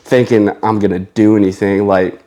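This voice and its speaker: A man's voice: fairly low pitch, little pitch movement, moderate pace, dark tone. A man, a chef and podcast guest, telling a story in casual chat, acting out quoted dialogue and laughing often.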